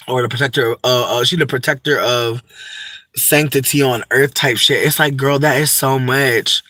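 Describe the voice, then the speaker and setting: A man's voice: medium pitch, fairly even intonation, brisk, sharp tone, no room sound. A young man, rambling in a profane, campy, unscripted vlog monologue full of asides. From United States. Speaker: vlogger.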